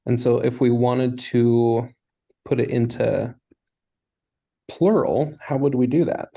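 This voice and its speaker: Man, Hebrew tutor, mellow dark tone, patient questioning, step-by-step explanations. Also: mid-range voice, fairly even intonation, takes it slowly, gravelly. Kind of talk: online language lesson.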